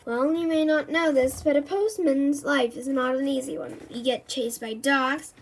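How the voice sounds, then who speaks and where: A cheerful, rambling storybook postman who chats in a friendly way, voiced by a woman reading aloud. His voice is high. It sounds like a children's book read aloud. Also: moderate pace, slight background noise, close to an everyday voice, rough recording. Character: cheerful, chatty adult man postman.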